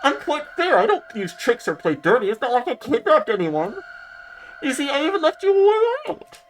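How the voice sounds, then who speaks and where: A smug, sneering captor who talks down to everyone, as a woman puts on his voice. He swings his speech widely and scolds with a lively, condescending lilt. The reading carries a faint bed of music underneath. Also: high voice, normal speed, voice pushed up, low-quality recording. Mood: mocking. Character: pompous condescending male captor, adult. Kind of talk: dramatic reading of a visual novel.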